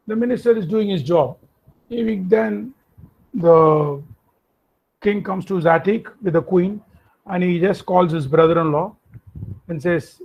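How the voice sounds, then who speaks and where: A man tells an anecdote during a workshop lecture, with chatty asides to his listeners. His voice is husky and sits fairly high for a man. The recording has a dull, lo-fi sound. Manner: animated anecdotal storytelling with asides. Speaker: workshop instructor. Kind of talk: lecture storytelling.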